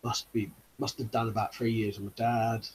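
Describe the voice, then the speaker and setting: Male streamer, husky, laid-back rambling chat. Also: on the low side, level tone, normal speed, low-quality recording. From United Kingdom. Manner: rambling, easygoing, full of fillers like 'you know'. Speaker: YouTube channel host. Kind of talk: casual live-stream chat, reading out viewer comments.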